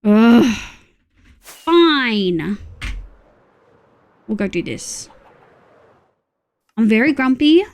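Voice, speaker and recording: A woman's voice: fairly high pitch, very animated, extremely slow, long pauses, darkish tone. A woman with an Australian accent streaming a game, grumbling and swearing freely while chatting to her viewers. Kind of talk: casual game stream chat.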